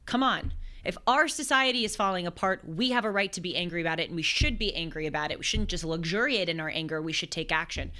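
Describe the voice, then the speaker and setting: A woman in her twenties hosting a show, telling a gospel story in a lively conversational way with quick asides and acted quotes. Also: lowish voice. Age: 20s. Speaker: host. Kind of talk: conversational religious commentary.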